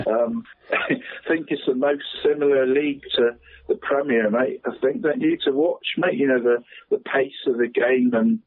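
Man, casual football chat, says mate a lot, husky voice, tinny phone line, dry sound. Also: medium pitch, moderate pace, no room sound. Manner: chatty, says "mate" constantly, chuckles often. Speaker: football pundit on local radio.

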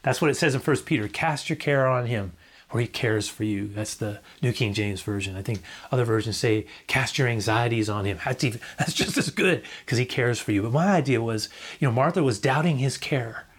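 A man's voice: medium pitch, brisk, slightly rough. Earnest male pastor preaching. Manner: earnest, repeats key phrases, drops to a near whisper at times. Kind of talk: sermon.

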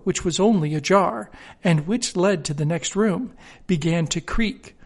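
A man reads an old fairy tale aloud for his podcast, steady and unhurried. His voice sits high for a man, with a gravelly rasp running under it. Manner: steady, measured storytelling. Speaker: podcast host reading classic stories. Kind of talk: storybook reading.

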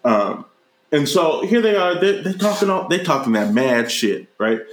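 A man co-hosting a casual, profane movie review chat, leaping into high mocking voices when he retells scenes. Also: normal speed. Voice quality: animated, jumps into high mocking voices for quoted characters. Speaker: podcast co-host reviewing a movie. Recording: roomy echo.

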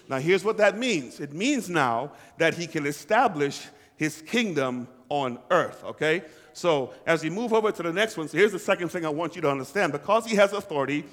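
A man's voice: a little high, lively intonation, a little fast, a bit bright, big-room sound. A pastor preaching a sermon to his congregation, calling for responses and repeating lines for emphasis. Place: church hall.

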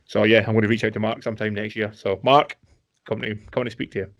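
A man co-hosting a podcast in casual chat, a bit drunk, excitable, swearing freely and laughing often. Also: fairly low pitch, fast talker, highs cut off. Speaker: podcast co-host.

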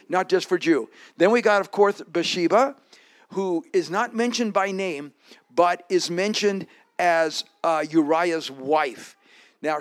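Conversational male pastor preaching. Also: fairly high pitch. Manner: conversational, asks the congregation questions. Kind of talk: sermon. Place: church with slides.

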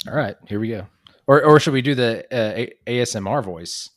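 A man co-hosting a casual beer tasting, talking in a relaxed way with plenty of fillers. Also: medium pitch, a little fast, no room sound, studio quality. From Kentucky. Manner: relaxed, filler-heavy talk. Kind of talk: casual chat.

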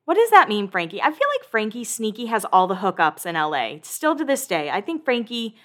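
Gossipy, animated woman recapping TV. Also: mid-range voice, brisk. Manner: animated, gossipy, swears casually, acts out quotes. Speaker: podcast host recapping a reality show. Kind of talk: casual chatty recap.

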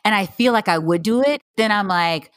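A woman's voice: normal speed, no echo, studio quality. A woman hosting a chat podcast, asking eager, curious questions. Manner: eager, curious questions with lively pitch swings. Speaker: podcast host. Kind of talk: casual chat.

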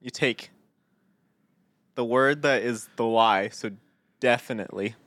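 A man's voice: medium pitch, a little slow, a bit bright, dry recording. Male podcast co-host, mid-range voice, jokey banter, laughs often. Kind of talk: casual chat.

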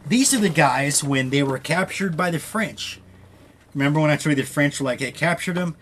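A man's voice: on the high side, lively intonation, fairly quick, a bit bright, a little hiss or hum. A man hosting a podcast, casually retelling a story with loose quoted dialogue and frequent swearing. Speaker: podcast host.

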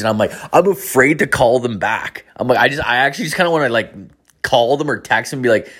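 A man's voice: medium pitch, animated, quick pace, a bit bright, slightly rough. A man in his thirties hosting a podcast, rambling in a casual, heavily profane, self-mocking monologue. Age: 30s. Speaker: podcast host.

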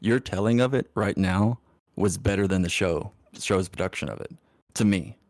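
A man in a casual podcast chat, talking haltingly as he searches for words. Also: deep voice, dry recording, studio quality.

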